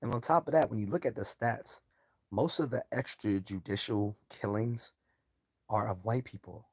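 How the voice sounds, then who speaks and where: A man's voice: lowish voice, normal speed, a little mellow, breathy edge, dry recording. A man hosting a live stream in a casual commentary style, loose and mocking, chuckling often and swearing freely.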